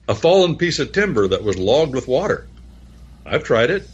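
Man, preacher, folksy rambling Bible teaching, spells words out, lively swinging pitch, dull lo-fi recording. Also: takes it slowly, breathy edge.

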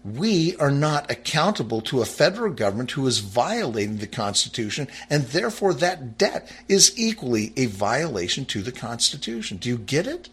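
A man's voice: sing-song, moderate pace, few pauses, fairly bright tone, husky. A man giving an impassioned political monologue, reading aloud and commenting on it, emphatic, with frequent restarts. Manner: fervent, emphatic and rising in pitch when angry, with frequent restarts.

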